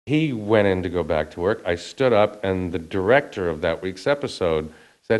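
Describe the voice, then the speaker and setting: A man with a very low voice tells a story from his acting life. He talks casually, laughs often and acts out the voices of the people he quotes. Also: lively intonation, normal speed. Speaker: actor and guest.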